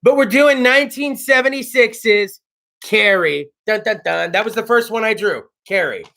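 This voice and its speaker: A man from South Texas hosting a casual talk show, loud, excitable and profane, often bursting into shouts while plugging sponsors. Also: high voice, moderate pace, gravelly.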